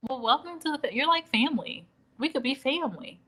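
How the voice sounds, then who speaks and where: A woman's voice: sits high, animated, normal speed, a bit bright, poor audio. A woman from the Midwestern United States, chatting at home as a livestream host, reading out viewer comments and acting out quoted dialogue with laughs. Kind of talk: casual live-stream chit-chat. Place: at home in Dallas.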